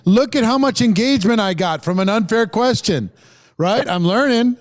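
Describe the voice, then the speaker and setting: A man with a high-pitched voice hosts a live-streamed summit with lots of energy, pumping up viewers and reading their comments aloud. The sound is dry and close to the mic. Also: expressive, normal speed, dry recording. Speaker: summit host. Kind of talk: live-stream event hosting.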